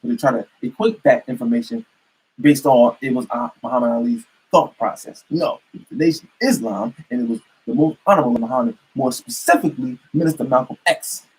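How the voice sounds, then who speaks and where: A man's voice: medium pitch, sing-song, brisk, darkish tone, slightly rough, poor audio. A man giving an emphatic, repetitive political rant to camera as a commentator.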